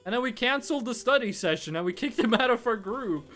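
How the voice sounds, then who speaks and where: Animated, rambling streamer. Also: medium pitch, quick pace, faint music behind. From Norway. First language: Norwegian. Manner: rambling, profane storytelling. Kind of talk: casual chat while gaming.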